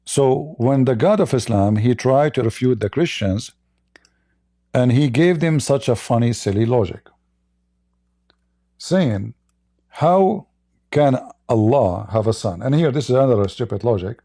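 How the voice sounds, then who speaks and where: Gravelly-voiced man mocking on a livestream. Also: medium pitch, moderate pace, long pauses, dark tone, no room sound, studio quality. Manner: blunt, mocking, repetitive restarts. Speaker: livestream host. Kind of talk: livestream monologue.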